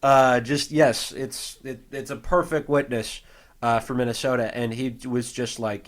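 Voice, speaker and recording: A man's voice: mid-range voice, fairly even intonation, unhurried. An American man co-hosting a podcast, talking casually and rambling with plenty of fillers and restarts. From United States. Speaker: podcast co-host. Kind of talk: casual chat.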